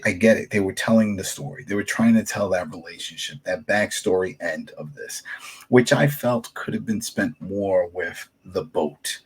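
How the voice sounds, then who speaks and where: A man's voice: lowish voice, slightly rough, rough recording. A man co-hosting a podcast, casually recapping a TV episode in a rambling way. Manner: rambling, retells scenes with acted-out quotes. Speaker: podcast co-host.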